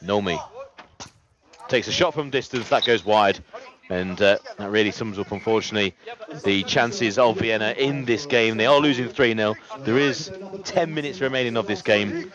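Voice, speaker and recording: A man doing live play-by-play sports commentary, steady and detailed, with frequent "uh" fillers. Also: lowish voice, moderate pace, a crowd in the background. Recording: lo-fi, muffled sound.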